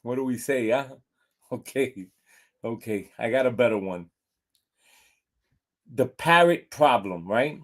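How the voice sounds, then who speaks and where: A man's voice: medium pitch, takes it slowly, pauses often, a bit bright. A man hosting a pet show in a casual, rambling way with many fillers, talking to camera at home. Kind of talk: casual vlog chat and joke telling. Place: at home with his dog.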